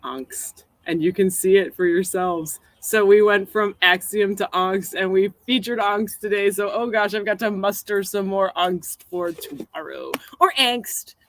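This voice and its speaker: A woman's voice: medium pitch, unhurried, hardly any pauses, low-quality recording. A woman in her forties from Missouri, a poet hosting a live stream in rambling, casual chat with frequent laughs and a poem read aloud. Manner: rambling, chatty, laughs often.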